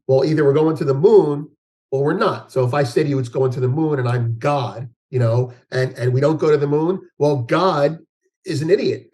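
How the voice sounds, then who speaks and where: Here a guest market analyst, a man whose voice is a little high and a little mellow, talks in an interview conversation. His speech wanders, with frequent restarts and filler words.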